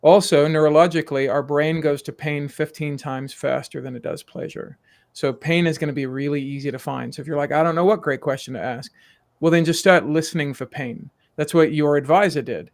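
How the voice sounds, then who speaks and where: A man who works as a curiosity coach, a guest on a sales podcast, talking in a lively way and acting out short exchanges. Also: fairly high pitch, brisk. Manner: animated, acts out little dialogues. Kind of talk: conversational podcast coaching talk.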